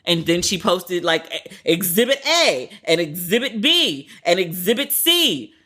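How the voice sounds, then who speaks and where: A woman's voice: on the low side, lively intonation, unhurried, fairly bright tone, husky. A woman hosting a podcast, giving frank, profane pop-culture commentary and retelling what others said in casual quoted asides. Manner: candid and profane, heavy use of "like". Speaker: podcast host.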